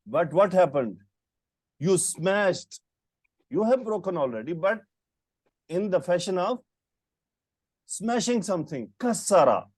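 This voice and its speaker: A man's voice: high-pitched, sing-song, unhurried, long pauses, a little mellow, no echo, studio quality. A man teaching Arabic grammar in an online lesson, patiently quizzing his student with short questions over a call. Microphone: computer mic on a video call.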